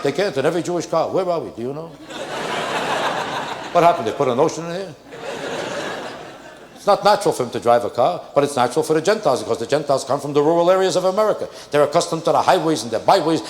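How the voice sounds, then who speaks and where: An older man doing a stand-up comedy routine on a theater stage, animated and acting out exasperated characters. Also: fairly high pitch. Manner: animated, rapid, acts out exasperated characters mid-bit. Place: theater stage with a live audience. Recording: echoey live theater with audience noise. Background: audience laughter.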